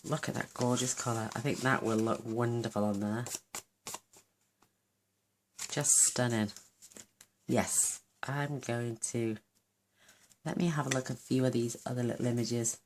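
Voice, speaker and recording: A woman's voice: rumbling low, steady tone, a little slow, pauses often, a little mellow, a little hiss or hum. A woman hosting a card-making tutorial, chatting casually and gushing over her work as she thinks aloud. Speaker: craft channel host.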